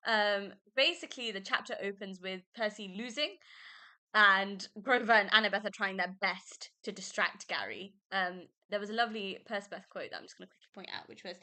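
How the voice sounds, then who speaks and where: Gushing bright-voiced young woman podcaster. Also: mid-range voice. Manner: gushing, emotional, laughs often. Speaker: podcast host. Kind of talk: casual book review chat.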